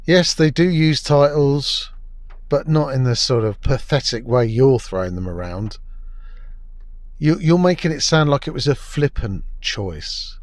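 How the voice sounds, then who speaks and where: A man's voice: medium pitch, expressive, unhurried. A man giving a scornful, crude, exasperated review of a TV episode. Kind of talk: ranting review commentary.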